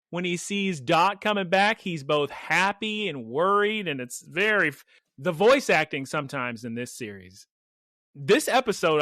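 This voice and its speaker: Bright, animated podcast guy. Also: a little high, no room sound, clean studio sound. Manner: animated, rambling, laughs often. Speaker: podcast co-host. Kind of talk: casual episode recap chat.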